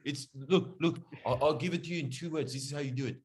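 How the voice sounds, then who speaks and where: Brief: male podcast host, slightly high voice, banter. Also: quick pace, heavy background noise. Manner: joking, does mock impressions. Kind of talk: casual chat.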